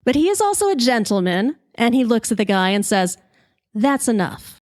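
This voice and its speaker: A woman podcast host telling a comic story in a lively, brash way, swearing freely. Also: a little high, a little fast, dry recording, studio quality.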